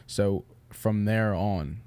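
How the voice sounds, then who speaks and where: Low voiced guy hosting a podcast, dark mellow tone, rambly encouraging questions, lots of restarts. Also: extremely slow, clear, resonant tone. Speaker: podcast host. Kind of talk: casual interview chat.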